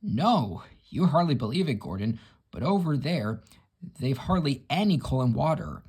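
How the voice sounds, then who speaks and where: A man's voice: mid-range voice, sing-song, normal speed, a little mellow, husky, voice pushed up. A man voicing a famous, gracious old male express engine with a kindly, assured manner.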